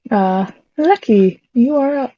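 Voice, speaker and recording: A woman running a tabletop game as game master in a casual voice chat, pausing to check rolls. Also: fairly high pitch, expressive, dry recording. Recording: muffled lo-fi voice chat.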